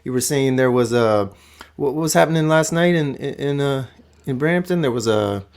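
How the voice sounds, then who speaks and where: A man hosting a casual sports podcast, animated and sometimes sing-song, talking into a podcast mic at home. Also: medium pitch, normal speed, smooth. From Canada. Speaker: podcast host.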